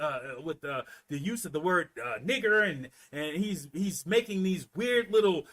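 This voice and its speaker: A man from Florida telling a story in a casual, animated rant, full of profanity and repeated words. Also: high-pitched, moderate pace, few pauses. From Florida, US South. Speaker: commentator.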